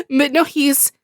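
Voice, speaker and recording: A woman co-hosting a casual podcast chat, expressive, swearing freely and acting out quotes. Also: high voice. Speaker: podcast co-host.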